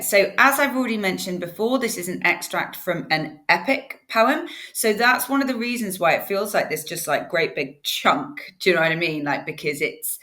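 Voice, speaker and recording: A woman's voice: on the low side, a bit bright. A woman giving a casual, chatty literature revision lesson to students. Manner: chatty, informal, encouraging. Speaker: English literature teacher.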